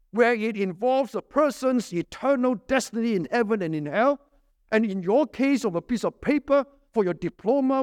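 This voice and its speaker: A high-pitched man preaches with force, jumping up to stressed words and dropping low at the ends of his points. He keeps throwing rhetorical questions at his listeners. The sound is close and dry. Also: no echo. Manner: emphatic, swings between loud high stresses and low dropped endings. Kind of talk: sermon.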